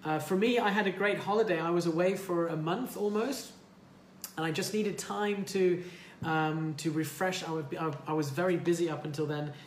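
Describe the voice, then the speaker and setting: A man's voice: fairly high pitch, normal speed. A man hosting a livestream, chatting casually with callers in a friendly way, with lots of fillers and restarts. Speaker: livestream host and English teacher. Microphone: livestream mic. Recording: roomy livestream audio with faint noise.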